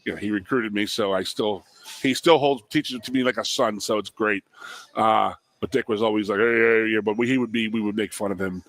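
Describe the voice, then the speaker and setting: A man's voice: on the low side, fairly even intonation, a little fast, fairly bright tone. A middle-aged man co-hosting casual sports radio, telling stories with lots of fillers and repeated words. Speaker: co-host, former offensive lineman. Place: radio broadcast from a restaurant.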